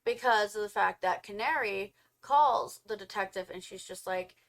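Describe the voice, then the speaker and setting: Animated woman retelling a film plot. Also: medium pitch. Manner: animated storytelling, acting out characters in quick quotes. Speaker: co-host reviewing a film. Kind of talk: casual film review chat.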